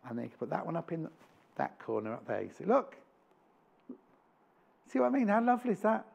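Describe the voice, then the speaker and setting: Chatty guy selling sewing stuff on live tv, voice bounces all over, a bit gravelly. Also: on the high side, sing-song, brisk, a little mellow. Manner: chatty, enthusiastic, jokey. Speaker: shopping channel presenter. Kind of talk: live TV sales chat. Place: TV studio.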